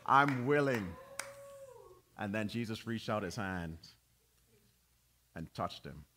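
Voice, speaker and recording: A male pastor preaching a sermon to his congregation, swinging between loud, emphatic preaching and quiet, low asides. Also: unhurried, background noise. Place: church.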